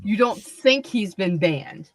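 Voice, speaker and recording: A woman's voice: medium pitch, animated, slow, no room sound. A woman chatting casually, asking questions. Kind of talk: casual chat.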